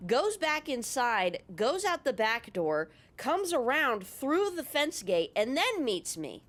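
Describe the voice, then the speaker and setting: A woman from California casually telling an anecdote over gameplay, animated and sometimes swearing. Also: sits high, slow. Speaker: gaming YouTuber.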